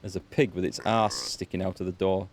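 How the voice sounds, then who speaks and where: A man's voice: deep voice, lively intonation, fairly quick, slight background noise. A man chatting casually with wry asides while playing a video game as a let's play host. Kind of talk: casual gameplay commentary.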